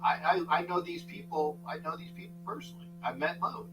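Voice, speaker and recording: A man's voice: high-pitched, flat delivery, fairly quick, music in the background. An older man hosting a live sports talk stream, chatting casually and greeting viewers by name in a rambling way. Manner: rambling, shouts out viewers by name, frequent restarts. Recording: distant mic with faint mains hum.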